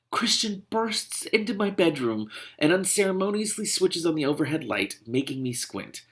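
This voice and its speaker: A man's voice: on the high side, expressive, fairly quick, vocal fry, hardly any pauses, a bit bright. A man reading a novel aloud and breaking off into indignant, exasperated commentary. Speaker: reader and commentator.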